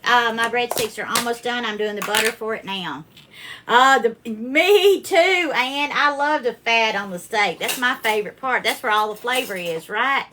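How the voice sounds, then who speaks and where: A woman's voice: fairly high pitch, normal speed, noisy background. A woman hosts a live cooking stream from her home kitchen, chatting and greeting viewers by name. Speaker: cooking livestream host. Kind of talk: casual live cooking chat.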